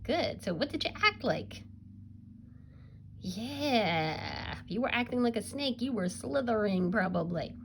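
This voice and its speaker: A woman's voice: fairly high pitch, expressive, measured pace, slight background noise. A woman teaching a recorded reading lesson to young children, upbeat and encouraging with a sing-song teacher voice. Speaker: kindergarten teacher.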